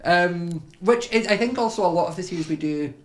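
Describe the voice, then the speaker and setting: A man's voice: high voice, fairly quick. A young man from Scotland with a Scottish accent, chatting casually as a podcast guest and rambling with lots of filler words.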